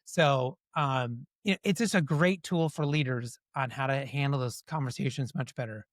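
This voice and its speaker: A man answering interview questions in a lively storytelling way, often slipping into quoted dialogue. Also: mid-range voice, normal speed, dry recording, studio quality. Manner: animated storyteller who acts out quoted dialogue. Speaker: guest.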